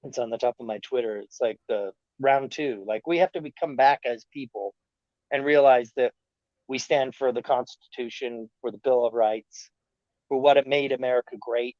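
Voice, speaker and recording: A man talking as a podcast guest in a rambling, animated rant, often slipping into mocking quoted voices. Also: mid-range voice, no echo, highs cut off. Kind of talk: casual chat.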